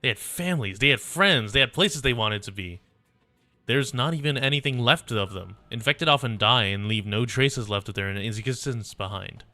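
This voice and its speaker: A man voicing a stern young infected woman who accuses villagers in a measured, cold way, read aloud from a game story. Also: mid-range voice, bright, forceful tone, no room sound, soft background music. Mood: grieving.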